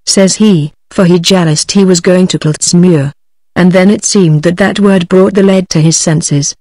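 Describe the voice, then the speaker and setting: A text-to-speech woman's voice with a British English accent, narrating an audiobook in an even, synthetic reading. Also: fairly low pitch, measured pace, no room sound.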